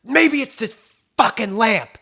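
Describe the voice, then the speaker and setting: A man putting on the voice of a furious young hippie man, shouting in a strained, high-pitched voice. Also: expressive, normal speed, creaky, husky, exaggerated voice.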